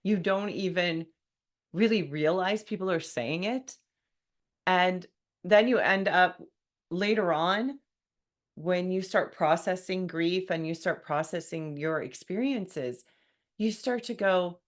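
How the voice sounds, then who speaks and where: Low-voiced woman hosting a wry podcast. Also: slow pace. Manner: wry, conversational, mock-quoting people. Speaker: podcast host. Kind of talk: solo podcast talk.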